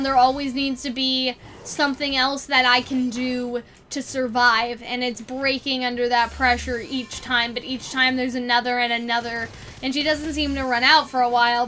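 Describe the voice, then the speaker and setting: Woman, host, high pitch, bright tone, rambling casual chat, voice wearing thin. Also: a little hiss or hum. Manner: rambling, fillers like 'you know what I mean'. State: losing her voice.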